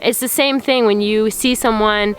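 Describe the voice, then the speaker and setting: A woman's voice: fairly high pitch, steady tone, normal speed, slight background noise, rough recording. A woman hosting a spiritual self-help talk, speaking earnestly and rambling with many fillers. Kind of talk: casual spiritual talk to camera.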